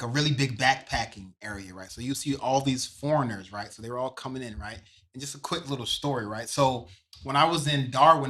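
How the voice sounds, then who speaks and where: Animated man telling travel stories. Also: mid-range voice. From United States. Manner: animated storyteller who keeps adding "right?". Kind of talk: casual chat, storytelling.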